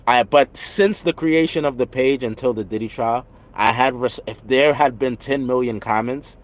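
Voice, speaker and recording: A man with a New York accent chatting earnestly on a livestream while walking city streets. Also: medium pitch. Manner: earnest, talkative, easy laughs. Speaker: livestream host. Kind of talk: casual livestream chat.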